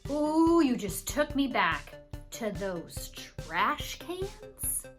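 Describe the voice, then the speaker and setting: A woman's voice: fairly high pitch, wildly swooping pitch, drawn-out words, over loud music. A woman chatting casually and playfully as a panelist. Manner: playful, jokey. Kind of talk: casual chat.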